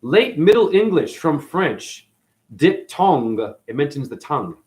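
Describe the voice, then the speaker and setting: A man hosting a rambling esoteric monologue, jumping between wordplay and sudden loud and soft swings, calling his listeners honey. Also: a little high, very animated, a little slow. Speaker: channel host.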